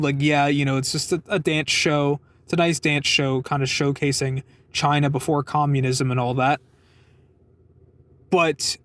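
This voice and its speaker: Young guy, higher-pitched voice, loose rambling storyteller, dry close mic. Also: a bit bright, no echo. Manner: rambling, swears a lot, laughs while telling. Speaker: vlogger telling a work story. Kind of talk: casual storytelling.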